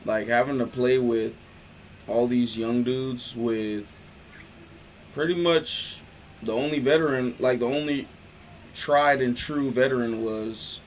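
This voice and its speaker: A man hosting a casual sports talk stream, riffing in loose, slangy, animated talk. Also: medium pitch, slow, pauses often, slight background noise. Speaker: host.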